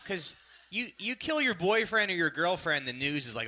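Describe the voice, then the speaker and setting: A man's voice: fairly high pitch, lively intonation, moderate pace, pushed and bright. A man in his thirties doing a stand-up set at a live show, rambling and self-deprecating with lots of fillers, on a stage mic. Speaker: stand-up comedian. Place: live comedy show venue. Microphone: stage microphone.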